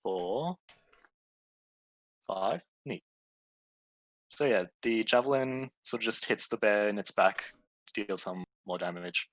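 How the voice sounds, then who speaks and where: A man's voice: lowish voice, takes it slowly, long pauses, fairly bright tone, no echo, poor audio. A man narrating as game master, easygoing and hesitant with many fillers.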